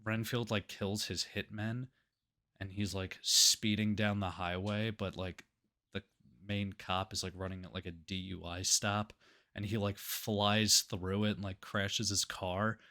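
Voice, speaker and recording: A man's voice: fairly low pitch, little pitch movement, measured pace, pushed and bright. A man co-hosting a casual movie review podcast, rambling through the plot with "like" in every phrase and swearing freely. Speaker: podcast co-host.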